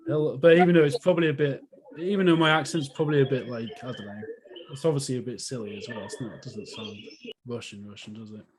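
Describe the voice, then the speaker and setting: A man's voice: medium pitch, fast, background noise. A man from the UK chatting casually in a group video call, rambling and laughing often as he talks about his story. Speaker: author reading his story.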